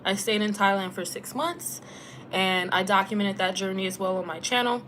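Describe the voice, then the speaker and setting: A young woman vlogger chatting casually on a live Q&A, relaxed and talkative, using lots of filler "like" and slang while she reads out viewer comments and letters. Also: medium pitch, normal speed, a little hiss or hum. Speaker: travel vlogger and former teacher.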